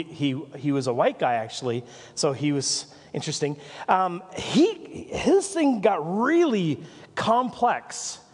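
A man's voice: sits high, in a large hall. A Canadian man preaching a sermon as pastor, telling rambling stories full of asides and small jokes. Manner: rambling, self-interrupting storytelling with asides and jokes. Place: church.

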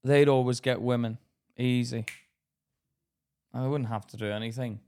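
A man from Ireland co-hosting a podcast, talking in casual chat, animated and profane, acting out the voices of people in his stories. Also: mid-range voice, normal speed, smooth. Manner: animated storyteller who swears and acts out quotes. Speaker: podcast co-host.

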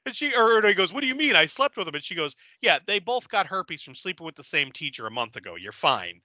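A man's voice: fairly high pitch, big pitch swings, fairly quick, sharp tone, dry recording, highs cut off. A man hosting a casual podcast, recapping a movie with profanity and acting out the characters' lines. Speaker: podcast host.

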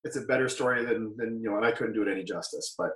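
A man's voice: on the low side, fairly even intonation, very fast, far from the mic, slight background noise. Man from Canada, forties, interview guest, rambling storyteller, self-correcting, echoey room, sits away from the mic. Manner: rambling, self-correcting, laughs while telling stories. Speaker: guest, former wrestler. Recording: roomy, off-mic sound.

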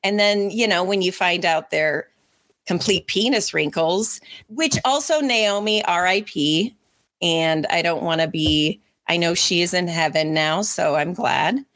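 A woman co-hosting a casual podcast, telling stories about meeting celebrities in an animated, chatty way. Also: on the low side, unhurried. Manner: chatty and animated, acts out voices in her stories. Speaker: podcast co-host and former radio interviewer. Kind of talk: casual storytelling chat.

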